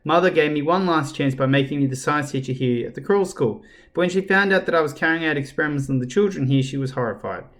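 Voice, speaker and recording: A scheming female villain doctor from a children's storybook, mock-polite and cruel, as a man reads her lines. She purrs and hisses, with a voice set a touch high for a man. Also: quick pace, lightly acted. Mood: bitter explaining. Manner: purring, hissing, mock-polite.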